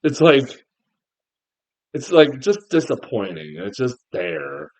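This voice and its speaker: Guy ranting about a movie, high voice, swears a lot, kinda muffled lo-fi sound. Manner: exasperated, swearing, laughing often. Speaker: film reviewer. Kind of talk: casual ranting review.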